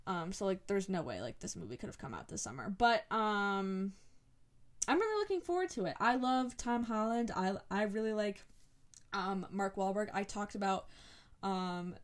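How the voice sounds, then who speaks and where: A young woman hosts her own podcast and chats casually on her own. She rambles along excitedly, filling her sentences with "like" and "um" and restarting her thoughts. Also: mid-range voice, normal speed. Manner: chatty and rambling, lots of "like" and "um", excited. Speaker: podcast host. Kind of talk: casual solo episode talk.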